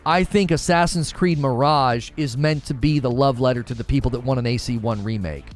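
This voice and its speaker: A man's voice: mid-range voice, brisk, soft background music. A man hosting a live gaming stream, reading chat messages and arguing his views with rhetorical questions. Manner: opinionated, explains with rhetorical questions.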